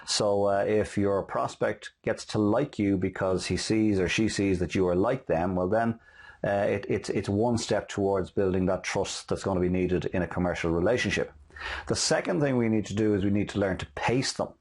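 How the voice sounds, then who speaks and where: A man hosting a motivational talk on selling, telling stories quickly with many fillers and restarts. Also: fairly low pitch, darkish tone. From Ireland. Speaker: host and sales motivational speaker. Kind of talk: casual motivational talk with anecdotes.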